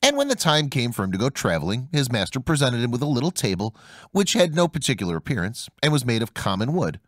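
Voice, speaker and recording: A man narrating a fairy tale audiobook in an expressive storytelling manner. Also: medium pitch, fast talker, no room sound, clean studio sound. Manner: expressive storytelling, voicing each character.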